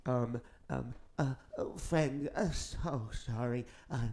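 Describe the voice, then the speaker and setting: A man's voice: mid-range voice, slow pace, mellow. A man playing a stammering, flustered old curator. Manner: stammering, fretful, nervous. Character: old flustered male curator, fortune-teller.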